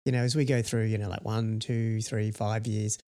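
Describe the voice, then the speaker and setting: A man's voice: on the low side, little pitch movement, moderate pace, warm tone. A man co-hosting a startup podcast in casual chat, rambling and full of "you know" fillers. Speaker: podcast co-host, startup founder.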